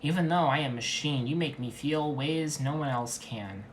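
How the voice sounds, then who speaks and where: A man plays a sultry female ship computer, with flat, breathy, mock-seductive lines. A faint hiss of noise sits under the comedic reading. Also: a little high, moderate pace, pitched above the performer's own voice, lightly acted.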